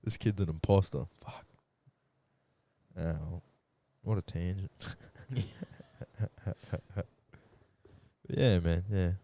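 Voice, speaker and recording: A man's voice: deep voice, takes it slowly, pauses often, mellow. A young Australian man chatting casually on a podcast, telling rambling stories full of swearing. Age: young adult. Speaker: podcast guest. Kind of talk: casual chat.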